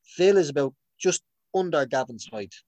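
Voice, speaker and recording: A man's voice: a little high, lively intonation, normal speed, a little mellow, no echo. A young man chatting casually, rambling with lots of restarts and laughs. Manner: rambling, many restarts and fillers; laughs often. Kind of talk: casual chat.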